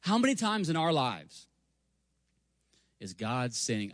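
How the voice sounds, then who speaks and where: A man in his forties preaching a sermon, telling a family story with lively delivery, acting out voices and stumbling over words now and then. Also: medium pitch, slow, long pauses, no room sound, studio quality. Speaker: guest preacher. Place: church sanctuary.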